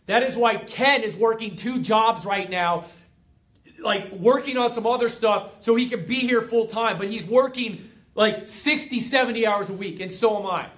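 A man's voice: high voice, normal speed, fairly bright tone. A man giving a fired-up motivational talk as a coach, emphatic and driving his points home through repetition. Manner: fired up, emphatic, repeating phrases for effect.

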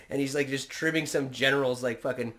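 A man's voice: mid-range voice, a bit bright. A man co-hosting a casual chat, crude and joking, rambling through stories. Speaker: podcast co-host.

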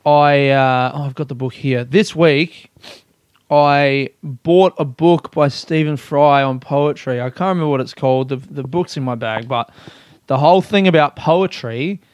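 A young man talking on his own podcast, rambling and swearing, laughing at himself between thoughts. His voice is smooth and full, with a mid-pitched tone. The sound is close and dry, with no room around it. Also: a little slow, no echo. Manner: rambling, swears, laughs often, self-mocking. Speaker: podcast host. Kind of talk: casual solo podcast chat.

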